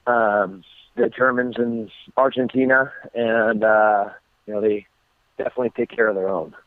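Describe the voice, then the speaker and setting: This American man, a guest fighter on a phone interview, has a voice on the low side and talks at normal speed over a tinny line. He tells stories in a relaxed way, with many ums and restarts, and there's no room sound.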